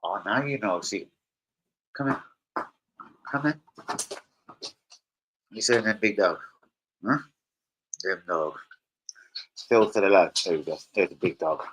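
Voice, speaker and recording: A man's voice: fairly low pitch, slow, long pauses, fairly bright tone, slightly rough, poor audio. A man hosting a casual fan live stream, crude and rowdy, joking with his chat. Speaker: fan channel host. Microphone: streaming setup.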